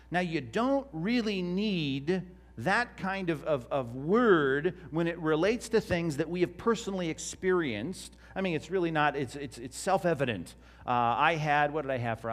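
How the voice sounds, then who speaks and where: Lively conversational male pastor. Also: on the high side, moderate pace. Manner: conversational, questions the congregation. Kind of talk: teaching sermon. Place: church before a live congregation.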